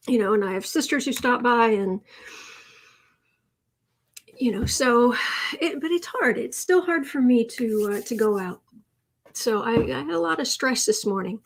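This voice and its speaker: A woman's voice: a little high, expressive, unhurried, pauses often. A woman hosting a political tarot and astrology livestream, talking in a rambling, casual way with many fillers and restarts.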